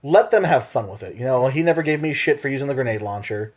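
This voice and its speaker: A man's voice: mid-range voice, fast talker, slightly rough. Profane, joking man chatting on a podcast. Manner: profane, joking, animated storytelling. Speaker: podcast co-host. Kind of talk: casual chat.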